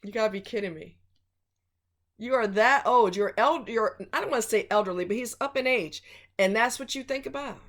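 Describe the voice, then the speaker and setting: A woman's voice: on the high side, expressive, quick pace. A woman vlogger giving blunt relationship advice in a casual, emphatic monologue.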